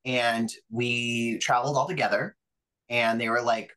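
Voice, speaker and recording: A young adult man, a pro wrestler guest on a podcast, telling stories in a lively, profane way and acting out other people's voices. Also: mid-range voice, unhurried, low-quality recording. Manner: animated, profane, acts out quoted voices. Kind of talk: casual interview storytelling.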